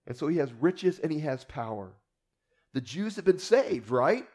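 Mellow-voiced casual preacher. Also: male voice, a little high, big pitch swings, normal speed. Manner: casual storytelling with rhetorical asides. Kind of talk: conversational Bible teaching.

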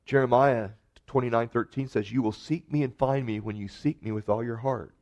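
A man preaching a sermon earnestly, rising to emphatic peaks and dropping to soft, quiet lines. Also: medium pitch, steady tone, brisk. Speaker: pastor.

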